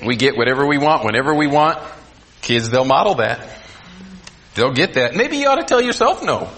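A man preaching a sermon to a congregation, swinging between loud emphasis and quiet asides. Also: mid-range voice, sing-song, normal speed. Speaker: pastor.

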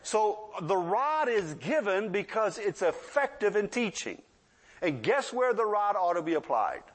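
Very animated and high-voiced, a sixty-something man delivers a sermon a little slowly in a conversational style. He regularly checks in with his listeners and performs children's voices in asides.

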